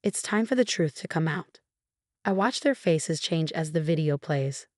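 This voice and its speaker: A woman in her twenties narrating a first-person story in an even, measured reading. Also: low-pitched, no room sound, clean studio sound. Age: 20s.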